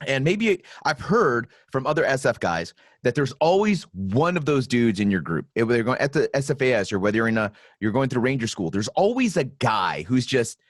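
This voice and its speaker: Male podcast host, swears freely, bouncy pitch swings, dead-dry close mic. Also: no room sound. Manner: profane, animated storytelling. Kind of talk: casual chat.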